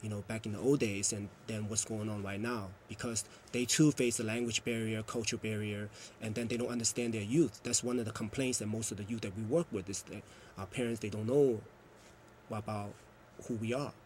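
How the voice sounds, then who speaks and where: A man's voice: fairly low pitch, fairly even intonation, fairly quick, a little mellow, a little hiss or hum. A man, a youth program coordinator, earnestly explaining at length in a TV interview. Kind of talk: TV interview answer.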